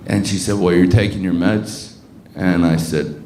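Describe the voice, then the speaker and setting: Speaking in a lowish voice at a moderate pace, a thirty-something comic from Baltimore delivers a crude, rambling set at a comedy club, full of fillers and restarts. The sound is roomy, with background noise.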